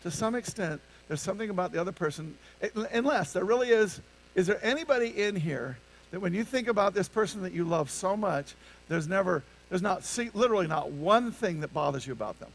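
A man's voice: high-pitched, animated, fairly quick, vocal fry, low-quality recording. A male pastor preaching a conversational sermon to his congregation, often stopping to ask them rhetorical questions. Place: church sanctuary with a congregation.

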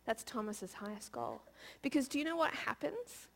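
A woman's voice: on the high side, expressive, normal speed, vocal fry. Playful woman preaching a conversational sermon. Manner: conversational, playful, asks the audience questions.

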